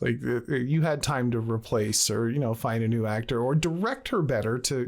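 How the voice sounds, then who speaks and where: A man's voice: mid-range voice, animated, normal speed, a little mellow. A man in casual podcast chat about a game, rambling and laughing often. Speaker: podcast co-host.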